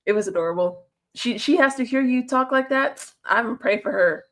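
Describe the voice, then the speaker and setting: A woman's voice: fairly high pitch, normal speed, a bit bright. A woman chatting casually on a livestream, answering her chat and laughing often.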